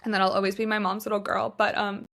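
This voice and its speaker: A woman's voice: mid-range voice, flat delivery, fast, a bit bright. A young American woman hosting her own podcast, talking in a heartfelt, gushing, chatty way with lots of "like" fillers. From United States. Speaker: podcast host. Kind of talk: casual chat.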